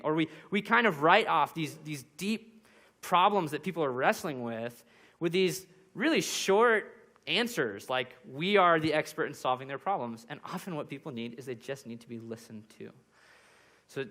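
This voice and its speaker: In church, a young pastor preaches a sermon, working through numbered points and acting out little example quotes. His voice is a little high with a fairly bright tone.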